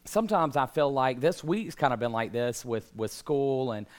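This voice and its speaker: A man's voice: mid-range voice, expressive, moderate pace. A man in his thirties preaching a casual, conversational sermon to a congregation, slightly out of breath and building to emphatic calls. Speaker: pastor. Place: church hall with congregation.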